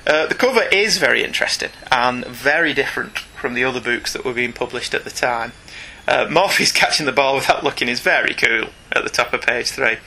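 A British man talks casually about comics as a podcast co-host, chatty and quick with a joke. His voice is middle-pitched with a sharp, bright edge. A faint hiss sits under the recording. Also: creaky. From Britain. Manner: chatty, jokey, animated.

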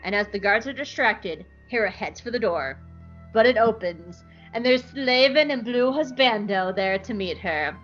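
A woman's voice: mid-range voice, lively intonation, normal speed, lo-fi sound, soft background music. A young woman hosting a podcast, chatting casually and giggly through an episode recap. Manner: chatty, giggly, lots of fillers. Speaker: podcast host.

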